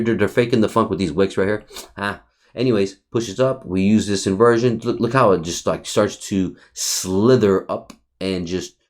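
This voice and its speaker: On a casual screen share, a trading educator with a lower-pitched voice reviews his chart in a loose, excitable way. He swears freely and calls the viewer bro and buddy. He often repeats himself, stumbling over words and restarting.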